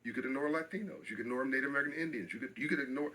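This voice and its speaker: A man's voice: mid-range voice, racing, sharp tone, a little hiss or hum, poor audio. A middle-aged man speaking as an interview guest, passionate and emphatic, often repeating phrases for stress.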